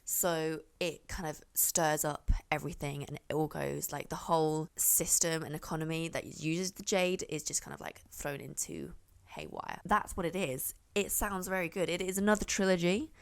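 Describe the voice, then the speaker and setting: A woman's voice: deep voice, steady tone, moderate pace, hardly any pauses, clean tone. A young woman chatting casually to camera as a book reviewer, rambling and often correcting herself.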